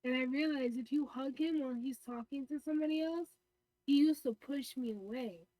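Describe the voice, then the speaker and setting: Brief: young female co-host, high pitch, chatty, plays out dialogue, dry mic. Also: fairly quick, warm tone, dry recording, rough recording. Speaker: podcast co-host. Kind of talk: casual chat.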